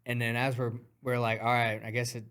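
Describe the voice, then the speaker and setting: A man guest on a talk podcast, telling a story in an animated, profane way, acting out punches with sound words. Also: mid-range voice, brisk, clean tone. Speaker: guest fighter.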